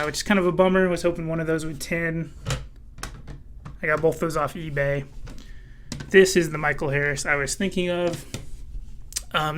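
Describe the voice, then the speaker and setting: A man hosting his own collecting channel, chatting casually with many fillers, a little hoarse and clearing his throat. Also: fairly high pitch, a bit bright. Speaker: card collecting channel host. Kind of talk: casual vlog commentary.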